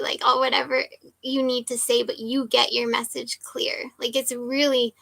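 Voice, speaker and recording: Chatty woman in her 40s, highish bright voice, lots of "like" and "right?", storytelling. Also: little pitch movement, moderate pace, gravelly, no echo. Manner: chatty, emphatic, many "like" and "right?" tags. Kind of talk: casual storytelling chat.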